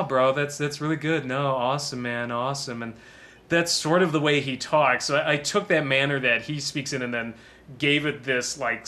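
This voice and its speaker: Bright-voiced man rambling through a commentary. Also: mid-range voice. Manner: rambling, self-deprecating, laughing often. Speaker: film commentator. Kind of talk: casual DVD commentary.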